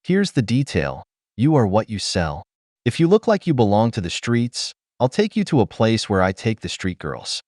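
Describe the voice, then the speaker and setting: A man narrates scripted commentary in a lecturing, preachy tone. His low voice rises and falls widely, and the recording is dry and close. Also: sing-song, normal speed, darkish tone, no echo.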